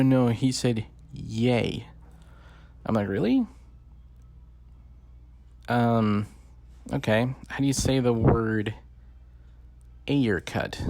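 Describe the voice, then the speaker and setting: Man, casual commentary, profane and rambling, low gravelly voice, dry close sound. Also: darkish tone, no echo. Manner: profane, rambling, many fillers. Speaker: podcast host. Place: lives in the Bay Area.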